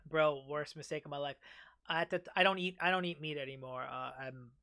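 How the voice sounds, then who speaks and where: A young man hosting a casual chat, telling a long story in an animated way and swearing freely. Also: a little high, a little fast, smooth. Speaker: podcast host.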